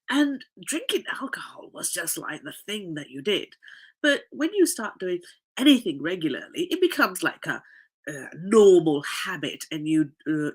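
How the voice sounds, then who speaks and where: Congested nasal lady coach rambling on a podcast, husky voice, pitch bouncing all over. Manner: rambling, chatty, laughs often. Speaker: life coach. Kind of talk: casual podcast chat.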